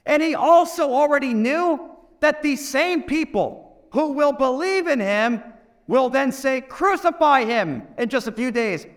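A man doing the apostle John, his high voice earnest and insistent. John keeps pressing his friends to remember. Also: animated, measured pace.

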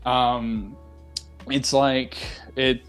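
A young man of average pitch chats candidly as a podcast host, seated at his desk at home. He rambles, piling up fillers and cutting himself off mid-thought. The talk stays loose and open. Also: flat delivery, extremely slow, fairly bright tone, clean tone, faint music behind. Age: young adult. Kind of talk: casual chat.

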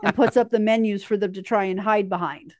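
A woman's voice: mid-range voice, fairly even intonation, a little fast. A woman casually chatting on a podcast about a movie, correcting and adding details to her co-host's retelling. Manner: chimes in to correct and add details. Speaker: podcast co-host. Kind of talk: casual film recap chat.

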